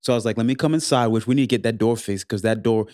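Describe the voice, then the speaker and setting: A man co-hosting a podcast with his wife chats casually and playfully, animatedly acting out quotes as he tells a story. His mid-range voice is very fast, captured in a dry, studio-quality recording.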